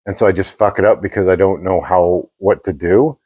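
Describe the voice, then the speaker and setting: A man's voice: sits low, fairly even intonation, a little fast, a little mellow, breathy edge, no echo. A man co-hosting a podcast, telling a rambling, profane story in casual chat. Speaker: podcast co-host.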